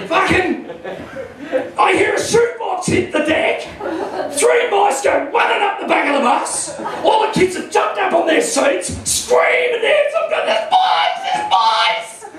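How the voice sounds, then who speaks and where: High-voiced Australian comic in an echoey room. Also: male voice, lively intonation, measured pace, distant mic, a crowd in the background. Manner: crude, rowdy storytelling, shouting punchlines. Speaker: stand-up comedian. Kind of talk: stand-up comedy. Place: small comedy club stage.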